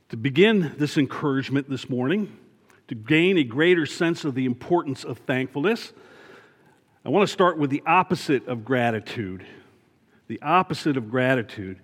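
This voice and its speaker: A man's voice: mid-range voice, animated, moderate pace. Church elder guy preaching a sermon, earnest, says the main points twice, mid voice, long echo in the sanctuary. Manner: earnest, repeats key points for emphasis.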